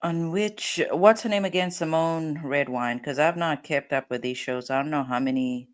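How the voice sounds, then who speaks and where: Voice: medium pitch, moderate pace. A host giving casual commentary, thinking aloud and laughing often.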